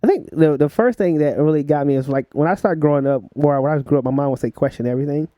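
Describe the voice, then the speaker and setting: A young man telling stories as a podcast guest in a relaxed chat, laughing often and filling pauses with "uh" and "like". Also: on the high side, no echo, dull audio. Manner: laughs while telling stories, many fillers. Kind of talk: casual storytelling chat.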